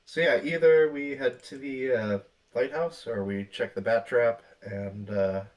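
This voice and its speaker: A man's voice: medium pitch, a little slow, far from the mic. A man playing a tabletop game in an easygoing, hesitant way with frequent uhs. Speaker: player. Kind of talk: casual tabletop play.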